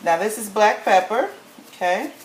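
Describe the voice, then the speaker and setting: A woman's voice: mid-range voice, expressive, normal speed. A woman giving a casual home cooking demonstration, chatty and folksy, often checking in with "okay?". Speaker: home cook showing a recipe. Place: home kitchen. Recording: echoey kitchen with faint noise.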